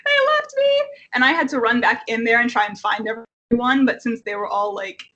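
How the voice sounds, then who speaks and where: Young woman, bright high voice, animated casual storyteller who swears and fills with "like". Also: brisk. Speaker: person sharing a story. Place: home.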